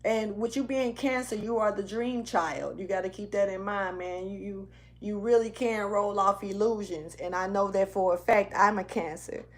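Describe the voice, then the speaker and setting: A woman reads tarot in a loose, slangy, rambling way, sometimes slipping into a half-rapped rhythm. Her voice sits at an ordinary middle pitch. She moves around indoors, so she drifts away from the camera mic at times. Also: normal speed. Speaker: tarot reader. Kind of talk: casual tarot reading. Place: indoors, moving around the room.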